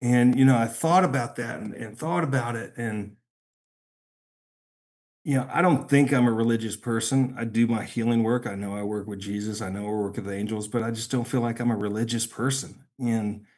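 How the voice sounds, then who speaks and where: A middle-aged man shares a painful personal story as a podcast guest. He speaks haltingly and emotionally, stumbling and repeating words. His voice sits at an ordinary middle pitch. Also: steady tone, a little mellow.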